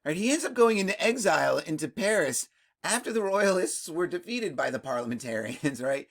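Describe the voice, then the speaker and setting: Host for a casual history explainer: keeps asking "right?", laughs a lot, bursts up in pitch when amused, middle-pitched voice. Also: sing-song, fairly quick, gravelly. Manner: tags sentences with "right?", laughs often.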